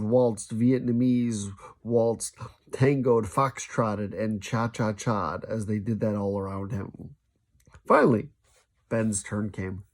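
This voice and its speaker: A man reading a children's novel aloud, lively, now and then stumbling and restarting a sentence. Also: mid-range voice, measured pace. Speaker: storybook reader.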